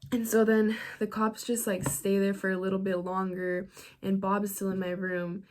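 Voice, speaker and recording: A woman's voice: mid-range voice, level tone, normal speed, darkish tone. A teenage girl telling a story to her vlog audience in a casual, chatty way, filling her sentences with "like" and laughing often. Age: teens. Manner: chatty, fills every phrase with "like". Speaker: vlogger.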